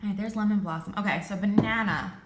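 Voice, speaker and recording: A young woman reviewing candles in a casual vlog, gushing and excitable, with lots of "like" fillers. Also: medium pitch, fast talker, roomy sound, background noise. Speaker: beauty and candle vlogger.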